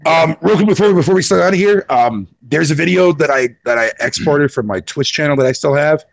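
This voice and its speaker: A man talks fast in a gravelly, husky voice, his pitch jumping lively up and down. He swears freely and laughs his way through a casual online chat, and the sound is dry and close. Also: dry recording. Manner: profane, laughing, rambling. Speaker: podcast guest.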